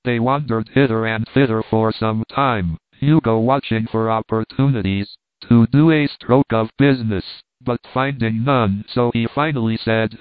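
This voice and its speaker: A man narrating a classic novel in a steady, measured reading. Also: medium pitch, smooth, no echo. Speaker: audiobook narrator. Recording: dry, phone-like narrow sound.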